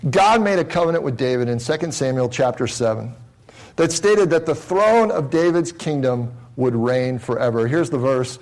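A man preaching a Bible-teaching sermon in an explanatory way. He often asks his listeners rhetorical questions and slows down and grows softer on key phrases. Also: mid-range voice, lively intonation, poor audio. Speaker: pastor.

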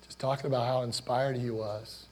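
A man in his forties preaches in an easy, conversational way, telling personal stories and putting questions to his listeners. His voice sits at an ordinary middle pitch, and a faint mains hum runs underneath. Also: steady tone, moderate pace, darkish tone. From Ohio, USA. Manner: conversational, personal storytelling, asks the congregation questions. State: choked up with emotion. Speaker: pastor. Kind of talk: sermon.

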